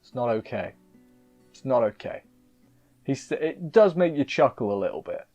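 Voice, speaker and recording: Talking through an anime episode casually, this man is emotional and rambling, frequently breaking off his own sentences. His medium-pitched voice swings widely in pitch and has a dark tone, at normal speed with long pauses, while faint music plays behind him.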